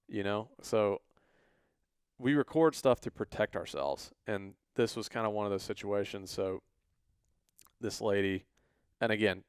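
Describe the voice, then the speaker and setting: Casually spinning a story on a podcast, a male co-host with a fairly low, clean-toned voice animatedly performs the voices of those he quotes. The recording is dry, studio quality.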